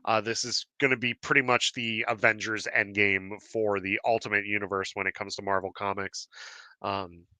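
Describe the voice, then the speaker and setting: A man hosting a live podcast stream in casual chat, excited and laughing often, with lots of fillers and restarts. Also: fairly low pitch, normal speed, no room sound. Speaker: podcast host.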